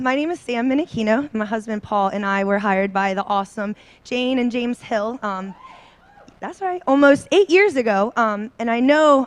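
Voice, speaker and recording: A woman in her thirties speaking to a seminar audience on a handheld mic, bubbly and a little nervous, full of ums and likes. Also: fairly high pitch. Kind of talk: personal talk to an audience. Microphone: handheld microphone.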